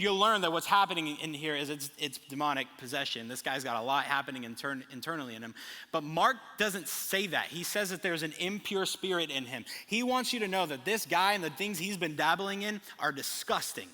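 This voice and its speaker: A young man preaching a sermon, animated, acting out little scenes as he tells the story. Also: on the high side, brisk. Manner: animated storytelling with acted asides. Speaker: pastor. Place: large church hall. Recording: long reverb of a big hall.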